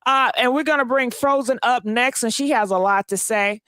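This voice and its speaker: A woman hosting an online call-in talk show, briskly moving callers along and taking their thoughts. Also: a little high, fairly bright tone, dry recording. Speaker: host.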